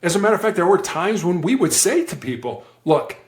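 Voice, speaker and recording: Animated man in a roomy space. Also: sits high, fast talker. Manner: animated, acts out quoted voices. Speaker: guest, former hostage negotiator. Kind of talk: conversational interview storytelling.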